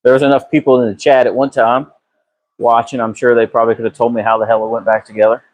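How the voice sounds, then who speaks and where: In a fast, medium-pitched voice on a rough recording, a man streams live from his garage via phone camera while rebuilding a transmission. He keeps it casual and drawling, swears freely, and answers chat by name.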